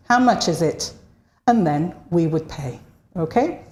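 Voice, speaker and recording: A woman teaching an online language lesson, modeling short phrases slowly and clearly for learners to repeat. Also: on the low side, animated, dark tone, reverberant.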